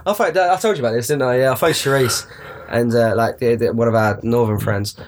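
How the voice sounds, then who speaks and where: A man's voice: medium pitch, brisk, slight background noise. A man, hosting a podcast and bantering casually, rambling and swearing as he tells stories. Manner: rambling, swearing, laughs between lines. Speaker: podcast host.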